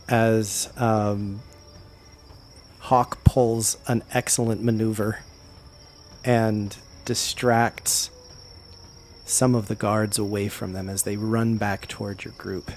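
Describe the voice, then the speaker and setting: Low-voiced man running a tabletop game. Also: little pitch movement, slow, darkish tone, slight background noise. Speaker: game master.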